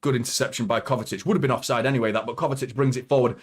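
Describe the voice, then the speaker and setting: A man hosting a live football watchalong, commentating as a fan and swearing a lot as he swings from nervous muttering to shouting. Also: medium pitch, rapid-fire, hardly any pauses, slightly rough.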